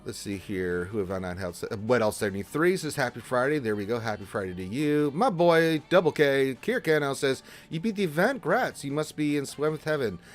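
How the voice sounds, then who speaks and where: A man hosting a casual gaming livestream, greeting viewers by name and answering chat questions in a jokey, animated way. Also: mid-range voice, brisk, hardly any pauses, faint music behind. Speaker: livestream host reading chat.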